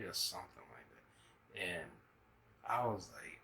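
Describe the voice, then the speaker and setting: Low-voiced man riffing on a reaction video. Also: huge pitch swings, unhurried, gravelly, sharp tone, a little hiss or hum, rough recording. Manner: loose, profane, laughing storyteller. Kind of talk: casual reaction commentary.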